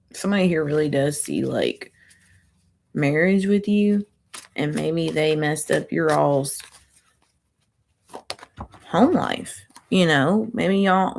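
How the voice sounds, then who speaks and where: A woman doing a chatty, rambling tarot reading, her voice going hoarse. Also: fairly low pitch, darkish tone. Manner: chatty, rambling, self-interrupting. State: losing her voice. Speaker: tarot reader.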